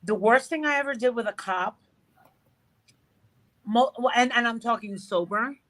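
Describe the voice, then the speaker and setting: A woman's voice: fairly high pitch, unhurried, a bit bright, poor audio. A middle-aged woman chatting casually as an interview guest, swearing freely and acting out the dialogue in her stories. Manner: swears freely, tells stories with reported speech. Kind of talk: casual chat.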